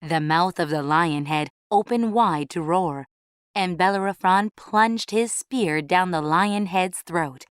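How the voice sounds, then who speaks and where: A woman reading a storybook aloud in a clear, measured way for English learners. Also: lowish voice, dry recording.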